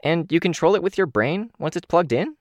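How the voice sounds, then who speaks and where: A man voicing a bossy, teasing young teenage girl in an audiobook, impatient and bright. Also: on the high side, expressive, a little fast, no echo, clean studio sound, voice pushed up, natural voice. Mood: eager.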